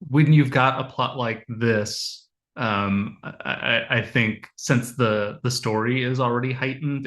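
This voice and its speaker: A man's voice: medium pitch, a bit bright. A man co-hosting a casual podcast discussion, speaking hesitantly with many restarts and laughing as he talks.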